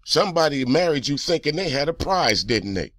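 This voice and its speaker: A man's voice: a little high, sing-song, a little fast, fairly bright tone, dry recording. A man hosting a reaction video, delivering heated, profane, accusing commentary straight at the person in a clip.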